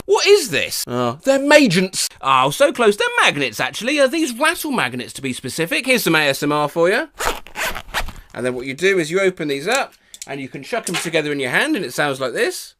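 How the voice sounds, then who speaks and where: A man hosting a comic video, excitable and swearing as he tries silly sound requests. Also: fairly high pitch, fairly quick, noisy background. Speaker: YouTube host. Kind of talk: comic vlog reading out viewer sound requests.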